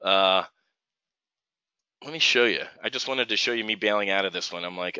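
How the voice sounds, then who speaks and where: Heated ranting middle-aged man, bright voice. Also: on the low side, normal speed, long pauses, clear, resonant tone, no room sound. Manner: heated, ranting, full of restarts. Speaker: host of a live trading show. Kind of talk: casual live stream rant. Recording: dull, dry lo-fi stream audio.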